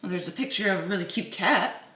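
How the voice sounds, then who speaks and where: A woman's voice: medium pitch, quick pace, bright, forceful tone, recorded from a distance. A woman vlogger reads a news article aloud in a casual way, breaking off often for mocking, playful side remarks. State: dry throat. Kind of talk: casual reading with sarcastic asides. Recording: roomy echo.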